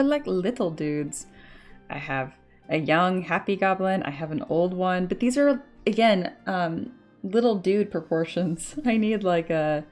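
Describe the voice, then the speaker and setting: Chatty woman streaming her sculpting. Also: fairly low pitch. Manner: chatty, laughs often, reads chat aloud. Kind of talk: casual live-stream chat while working.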